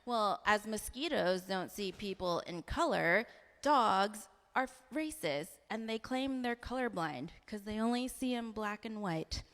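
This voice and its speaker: A woman hosts a comedy night, introducing the next act in a giggly, rambling way. Her voice is bright and smooth and sits a little high. The stage mic rings with a long hall reverb. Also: lively intonation, unhurried. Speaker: host. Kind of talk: stand-up host introducing comics.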